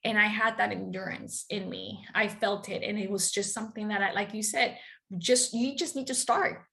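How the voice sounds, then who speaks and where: A woman guest on a podcast, telling a personal story in a lively, chatty way and often laughing. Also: mid-range voice, moderate pace, gravelly. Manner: lively, laughs often, acts out quoted dialogue. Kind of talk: casual storytelling.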